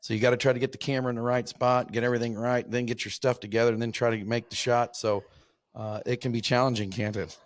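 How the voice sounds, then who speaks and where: A man, hosting a hunting show, telling a hunting story in a rambling, halting way, with many restarts. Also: mid-range voice, level tone, dry recording. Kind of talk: casual storytelling.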